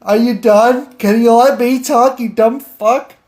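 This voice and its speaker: Podcast host, thirties, unhurried delivery, playful teasing, slangy. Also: medium pitch, fairly even intonation, a little mellow. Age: 30s. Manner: slangy and playful, with lots of fillers and laughing asides. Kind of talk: casual teasing chat.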